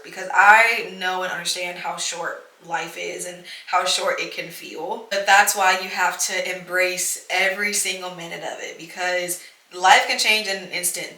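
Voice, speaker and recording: A woman's voice: on the low side, pushed and bright. A young woman hosting a podcast, talking in an earnest, reassuring way full of "like" and "you know". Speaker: podcast host. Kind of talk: casual heartfelt monologue. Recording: echoey room.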